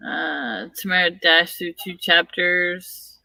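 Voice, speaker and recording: A woman hosting a casual writing livestream, relaxed and encouraging as she reads out updates. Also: lowish voice, slow, vocal fry, no room sound, distant mic. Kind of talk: casual chat.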